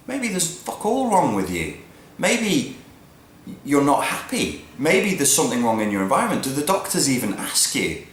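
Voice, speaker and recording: A man ranting bluntly in a monologue, swearing freely and swinging from low mutters to loud, emphatic peaks. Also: huge pitch swings, normal speed. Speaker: vlogger giving opinions. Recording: roomy echo with faint background noise.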